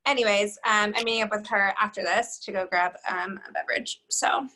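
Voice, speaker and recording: A woman dentist chatting casually on a video call, relaxed and rambling. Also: mid-range voice, a little fast, low-quality recording. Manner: relaxed, rambling, says "like" and "dude". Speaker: dentist panelist. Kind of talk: casual chat.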